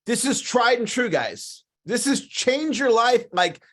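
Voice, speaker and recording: A man giving a motivational coaching talk on a livestream, enthusiastic and repetitive, often clearing his throat. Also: very high voice, big pitch swings, unhurried, fairly bright tone. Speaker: sales coach.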